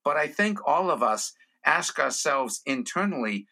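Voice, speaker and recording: A man, a comedian and guest on a podcast interview, telling stories in an animated way and slipping into character voices. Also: fairly high pitch, a little slow, vocal fry. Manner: animated storyteller who slips into character voices.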